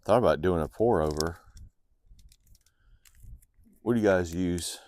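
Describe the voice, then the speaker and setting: A deep-voiced man, speaking a little slowly, chats casually with his viewers while camping at a lakeside campsite. He's relaxed and talkative, addresses the audience directly, and sounds a bit sniffly from the cold in this easygoing outdoor vlog.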